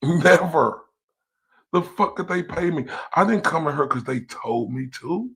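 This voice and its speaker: Gravelly, taunting man ranting on stream. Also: fairly high pitch, animated, moderate pace, fairly bright tone. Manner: profane, taunting, confrontational. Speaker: livestream host. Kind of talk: heated livestream rant. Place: lives in Dallas, Texas.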